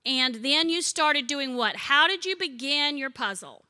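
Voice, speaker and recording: A woman in her sixties leads a Bible study, her voice bright and forward and set fairly high. She teaches in a chatty way, telling funny stories and putting questions to the group. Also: expressive, unhurried. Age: 60s. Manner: chatty, warm-humored storyteller who asks the group questions. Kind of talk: conversational teaching with humorous stories.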